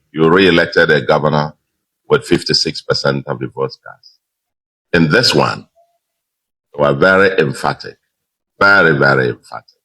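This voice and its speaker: Governor in his sixties, very deep, emphatic, measured public address. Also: a bit bright, rough recording. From Nigeria. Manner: measured, emphatic, with pauses and fillers. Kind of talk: victory speech.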